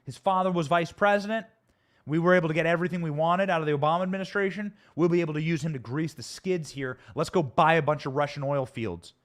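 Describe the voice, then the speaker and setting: A scheming official speaks in a blunt, scornful tone, put on by a man with a fairly high voice. He plainly sees everyone as a tool for his deals. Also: quick pace, lightly acted.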